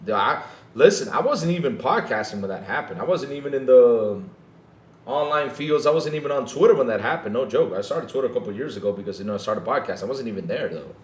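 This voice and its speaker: A man's voice: mid-range voice, lively intonation, fast talker, roomy sound. A man hosting a gaming podcast in a casual, mocking rant, often tacking "though" onto his sentences.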